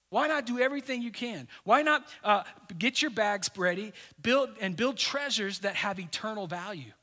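A man preaching a sermon to his congregation in a conversational, joking way, often dropping suddenly to a soft voice. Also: high-pitched. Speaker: pastor.

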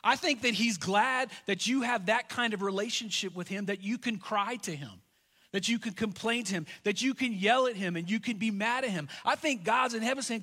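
A man's voice: high-pitched, fairly quick, bright, forceful tone, long reverb tail. A man in his thirties preaching a sermon, telling a family story in a conversational way and repeating key lines for emphasis. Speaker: pastor.

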